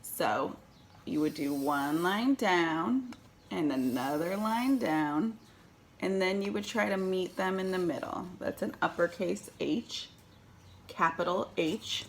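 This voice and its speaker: Woman, preschool teacher, patient, animated pitch, slow pace. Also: slight background noise. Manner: patient, checks in with "okay?" often. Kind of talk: online circle time lesson for young children.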